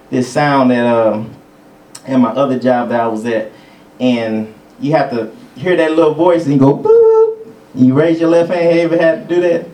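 A man's voice: mid-range voice, mellow, reverberant, far from the mic, low-quality recording. A male preacher giving a conversational teaching sermon. He chuckles between points and calls out for amens. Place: church sanctuary.

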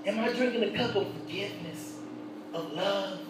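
A man preaching a sermon, telling a personal story with laughter and swinging between hushed and loud delivery. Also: sits high, normal speed, very echoey, far from the mic, noisy background.

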